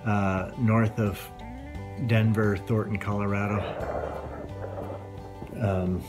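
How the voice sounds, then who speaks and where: A man's voice: fairly low pitch, little pitch movement, takes it slowly, over music, low-quality recording. An older man recovering in a hospital, sore and weak after surgery, telling a rambling, indignant story in a casual way. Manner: rambling and indignant, acts out quoted voices. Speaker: patient telling his story. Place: hospital room.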